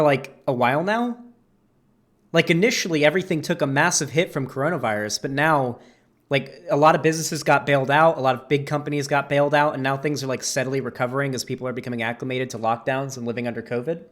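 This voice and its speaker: A man's voice: a little high, a bit bright. A young man hosting a reaction video, rambling in casual, profane commentary full of "like" and swearing. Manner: rambling, lots of "like", swears freely. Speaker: host.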